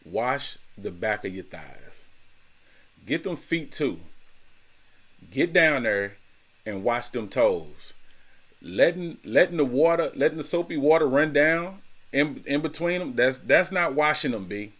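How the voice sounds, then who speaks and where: A man's voice: mid-range voice, very animated, a little slow, fairly bright tone. A man in his thirties hosting a casual solo podcast, talking in a slangy, laid-back way, repeating words and laughing often. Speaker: podcast host.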